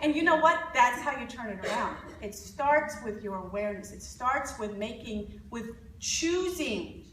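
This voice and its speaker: A woman giving a conference talk, an animated storyteller who coaches parents and jokes with her audience. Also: on the high side, a little slow, few pauses, roomy sound, recorded from a distance, a little hiss or hum, rough recording. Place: conference hall.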